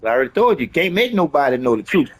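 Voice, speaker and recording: A man with a fairly high voice that swings widely up and down, preaching his life lessons in loose street slang. He circles back on the same phrases, punches them with profanity, and keeps pressing his point like a sermon off the cuff. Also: very animated, rapid-fire. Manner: emphatic, profane, repetitive preaching. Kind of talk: rambling motivational monologue.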